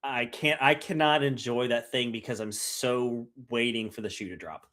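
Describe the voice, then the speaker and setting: A man co-hosting a casual podcast, talking in an animated, dramatic, self-mocking way. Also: medium pitch, moderate pace. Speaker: podcast co-host.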